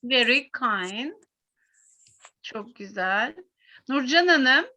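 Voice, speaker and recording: A middle-aged woman with a Turkish accent teaching an English class, explaining patiently in halting sentences with many fillers. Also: high-pitched, animated, sharp tone, low-quality recording.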